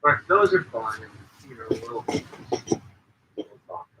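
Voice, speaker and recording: Animated storytelling man, lively pitch. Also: measured pace, muffled recording, heavy background noise. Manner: animated, acts out quotes in jumps of pitch; swears casually, laughs often. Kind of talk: casual chat, storytelling.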